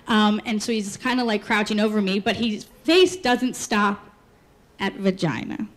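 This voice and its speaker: A woman telling a funny personal story on stage, animated and laughing as she talks. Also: medium pitch, normal speed. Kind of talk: live comedic storytelling. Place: stage before a live audience. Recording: live room with crowd laughter and noise.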